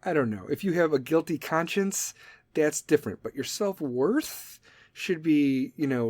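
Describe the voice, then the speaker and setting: A man's voice: mid-range voice, darkish tone. A man in his thirties hosting a podcast, talking in a blunt, profane, rambling monologue that drifts off on tangents. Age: 30s. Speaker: podcast host.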